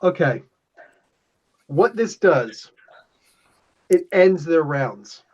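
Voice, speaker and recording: A man's voice: fairly high pitch, animated, very slow, a little mellow, breathy edge. A man acting as game master, explaining the rules loosely and laughing often. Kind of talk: running a tabletop game. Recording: dull lo-fi sound.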